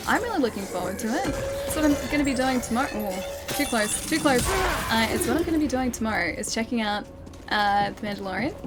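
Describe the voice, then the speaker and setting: Young woman streamer, slight lisp. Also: a little high. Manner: clear, well-enunciated speech. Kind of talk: casual live-stream gameplay chat. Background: game music.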